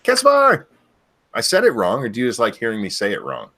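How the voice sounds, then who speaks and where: Lively low-voiced man yelling names. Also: fast. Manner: loudly yells out viewers' names, then drops back to quiet chatter; loose, swears casually. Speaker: livestream host. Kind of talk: casual livestream chat.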